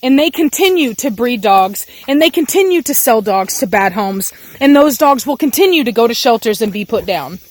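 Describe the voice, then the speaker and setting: A woman's voice: fairly high pitch, lively intonation, moderate pace, few pauses. A young woman with a Texan accent, a dog breeder ranting angrily and passionately in a vlog, often repeating herself. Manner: angry, impassioned, repeats herself. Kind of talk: emotional vlog rant.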